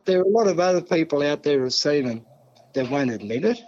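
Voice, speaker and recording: A man's voice: fairly high pitch, expressive, brisk, darkish tone. Australian man, chatty rambling storyteller, muffled lo-fi sound. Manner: rambling, chatty yarn-spinner, swears freely. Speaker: podcast guest. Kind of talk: casual storytelling.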